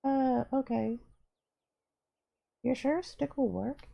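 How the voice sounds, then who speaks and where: A man voicing a timid, hesitant young boy in a husky falsetto while reading a game aloud. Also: takes it slowly, dull audio, exaggerated voice. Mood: unsure. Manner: hesitant and unsure.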